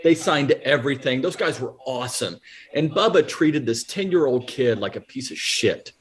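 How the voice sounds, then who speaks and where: A man co-hosting a podcast, teasing and joking in quick asides. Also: mid-range voice, expressive. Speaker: podcast co-host. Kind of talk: casual chat.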